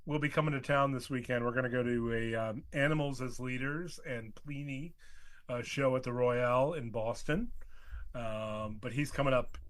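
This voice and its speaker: A man's voice: medium pitch, fairly even intonation, moderate pace, a bit bright. A man co-hosting a podcast in casual chat, jokey, repeating words as he starts his sentences. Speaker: podcast co-host.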